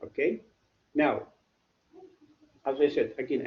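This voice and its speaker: Guy teaching class, talks real slow, keeps asking "what?", muffled lo-fi recording. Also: a little high, reverberant. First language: Arabic. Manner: repetitive, quizzes students with "what?". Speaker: English literature teacher. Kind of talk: classroom lecture.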